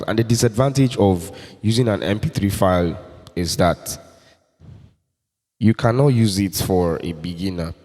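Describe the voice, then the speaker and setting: A man hosting a casual keyboard tutorial, explaining slowly and repeating points as he demonstrates loops. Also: deep voice, a little mellow, in a large hall. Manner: slow, explanatory, repeats himself. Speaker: music tutorial host selling keyboard loops.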